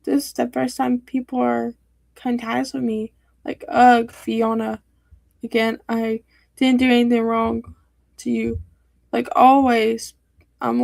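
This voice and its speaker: A woman's voice: on the high side, creaky, no echo. A teenage girl streaming, talking in a hurt, rambling way with many fillers and restarts. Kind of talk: upset personal livestream talk.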